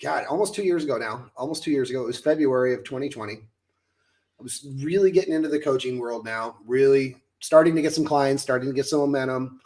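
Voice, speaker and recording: Late-thirties American man, coach and host, animated storyteller. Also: medium pitch, a little fast. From United States. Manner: animated, acts out his own past lines. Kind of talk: casual storytelling chat.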